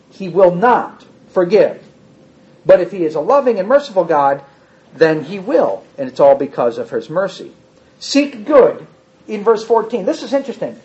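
High-voiced man teaching a Bible class. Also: darkish tone, lo-fi sound. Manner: reads scripture aloud with raised dramatic emphasis, then comments conversationally.

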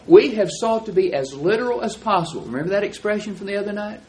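Guy teaching a bible class, reads verses slow and careful, bit of faint hiss behind. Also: high voice, animated, darkish tone, low-quality recording. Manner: explanatory, reads verses slowly and deliberately.

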